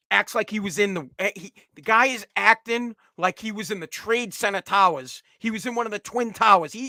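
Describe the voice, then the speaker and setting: Brief: a blunt male pundit, forceful and bright, swearing freely. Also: sits high, dry recording, studio quality. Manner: blunt, profane, heated. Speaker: commentator. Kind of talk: opinionated solo commentary.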